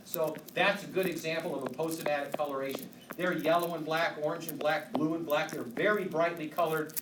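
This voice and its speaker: A man lecturing a university biology class, joking and asking the students questions. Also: fairly high pitch. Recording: echoey hall from far off, noisy.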